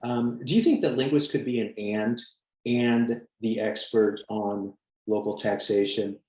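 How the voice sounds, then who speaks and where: A man's voice: on the low side, unhurried, darkish tone, roomy sound, slight background noise, poor audio. A man co-host asking a follow-up question, friendly and thinking aloud, over a video call. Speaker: podcast co-host. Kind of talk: interview questions.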